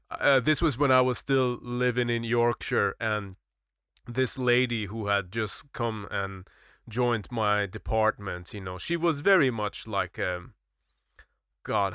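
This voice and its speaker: A man's voice: fairly low pitch, bright, forceful tone, smooth, dry recording, clean studio sound. A man on a podcast chatting casually, swearing freely and laughing often as he tells a story.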